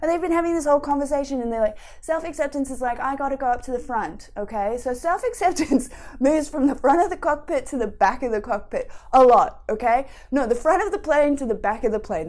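Give me a woman with a high voice giving a playful, lively wellness talk.

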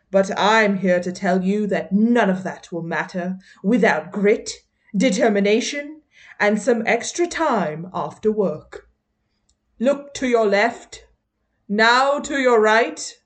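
A woman with a British accent co-hosting a podcast, speaking in a mock-formal, welcoming way. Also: a little high. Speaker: podcast co-host. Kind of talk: casual podcast chat.

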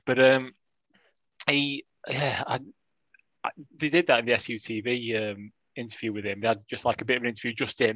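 A man's voice: medium pitch, a bit bright, no room sound. Wry man, dry close sound. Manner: dry, wry dialect banter. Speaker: podcast co-host. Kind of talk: casual football chat.

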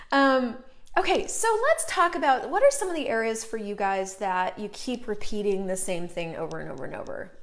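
A woman's voice: medium pitch, a little fast. A woman hosting a casual live online show, talking animatedly to viewers, greeting them by name as she goes and swearing now and then for emphasis. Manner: chatty and animated, greets viewers mid-sentence.

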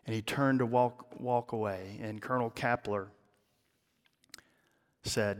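A male pastor telling a story in a sermon, dramatic, with his voice dropping low and hushed at the emotional peaks. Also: steady tone, slow pace, long pauses. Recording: long hall reverb.

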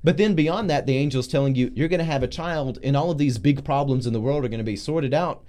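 A pastor talking through scripture in a casual discussion, acting out biblical figures with loud, slow emphasis. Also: male voice, mid-range voice. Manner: animated, acts out voices of biblical figures loudly and slowly. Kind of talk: preaching in a casual group discussion.

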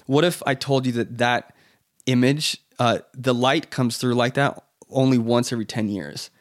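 A man's voice: mid-range voice, fairly even intonation, moderate pace. Rambling man in casual podcast chat. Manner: loose, rambling, many "like" fillers and restarts. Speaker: podcast guest. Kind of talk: casual conversation.

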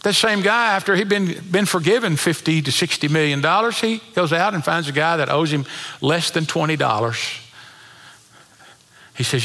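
A man preaching in a church, his fairly high, bright voice rising to stress key points as he reads scripture. A long hall reverb trails each phrase. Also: lively intonation, measured pace, pauses often. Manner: preaching with swelling emphasis, reading scripture aloud. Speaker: pastor. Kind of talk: sermon.

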